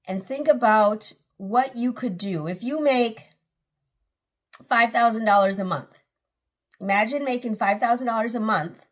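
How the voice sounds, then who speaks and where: A woman in her forties talks straight to her viewers in a casual vlog, her voice at an ordinary middle pitch. She rambles earnestly, circling back and restarting her sentences. Now and then she is close to tears. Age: 40s. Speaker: channel host.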